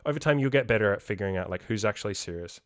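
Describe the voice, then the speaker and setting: A man's voice: lowish voice, lively intonation, racing, dry recording, clean studio sound. Blunt, profane male podcast coach. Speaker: self-improvement coach. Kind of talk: podcast monologue.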